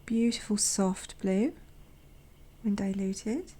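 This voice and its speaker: A woman hosting a watercolor channel, chatting gently as she paints swatches, sometimes dropping to a soft near-whisper and making self-deprecating asides. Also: medium pitch, takes it slowly, breathy edge. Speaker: watercolor artist and channel host. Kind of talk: casual narration while painting swatches.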